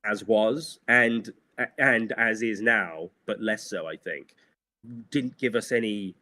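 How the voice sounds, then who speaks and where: A man's voice: fairly low pitch, slow, bright, forceful tone. A middle-aged man, a guest animator, talking candidly in a casual interview, rambling with many fillers and frequent laughs.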